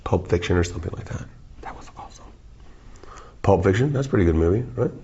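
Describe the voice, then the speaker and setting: Deep-voiced man rambling goofily. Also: expressive, quick pace, mellow, slightly rough. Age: 40s. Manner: goofy, wandering, self-interrupting. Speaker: musician interviewee. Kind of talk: rambling, joking interview answers. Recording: dull, lo-fi recording.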